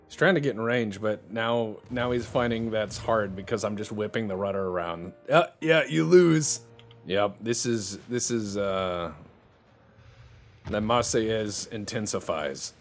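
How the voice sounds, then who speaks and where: A man's voice: on the low side, a little slow, soft background music. A man giving joking, casual play-by-play commentary on a strategy game. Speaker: gameplay commentator.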